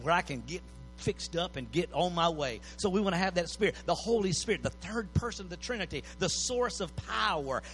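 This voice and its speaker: A male preacher delivers an impassioned sermon. His voice sits high and bright. He circles back on pleading phrases and climbs to shouts, with faint music playing behind.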